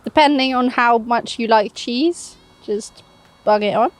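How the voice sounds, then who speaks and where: Her voice sits fairly high and moves at a measured pace. She's a co-presenter giving a casual cooking demo, chatting and laughing often as she makes toasties outdoors on a fishing bank.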